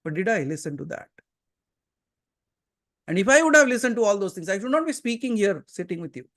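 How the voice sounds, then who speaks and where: A man's voice: high-pitched, big pitch swings, brisk, fairly bright tone. A man with an Indian accent, giving a satsang sermon as a spiritual teacher and pressing his listeners with earnest, emphatic questions. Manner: switches into Hindi mid-talk. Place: seated before a gathering.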